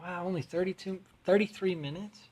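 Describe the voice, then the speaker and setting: A man hosts a casual home podcast, telling a story with plenty of cursing and restarts. His voice sits a little high for a man. He talks in a loose, conversational way. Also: fairly even intonation, a little fast, darkish tone. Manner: rambling, profane, restarts often. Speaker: podcast host.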